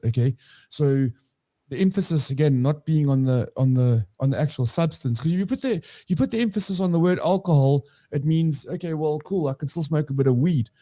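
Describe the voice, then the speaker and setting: This recovery podcast co-host speaks briskly in a dark-toned voice that sits on the high side. His casual recovery discussion is rambling and conversational, full of self-corrections.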